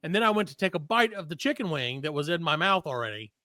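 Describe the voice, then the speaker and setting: Bright-voiced man telling a story. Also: fairly high pitch, quick pace. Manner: animated, acts out the other people in his story. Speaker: comedy podcast host. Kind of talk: casual storytelling chat.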